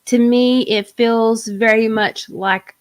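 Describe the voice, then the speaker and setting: A woman's voice: on the high side, steady tone, slow pace. A woman hosting a live tarot reading show, chatting casually and energetically with viewers. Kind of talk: casual live-stream chat.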